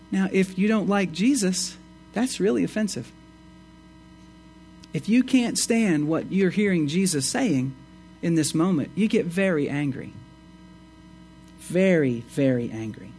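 A man preaching a sermon, reading scripture and explaining it with emphatic rises and quiet asides. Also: unhurried, long pauses, a little hiss or hum. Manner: expressive, swings between emphatic rises and low asides. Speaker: pastor.

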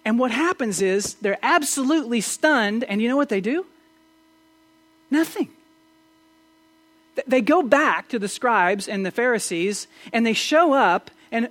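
A pastor giving a conversational Sunday-morning sermon in church, often asking rhetorical questions and stumbling into quick restarts. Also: medium pitch, animated, a bit bright. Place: church service.

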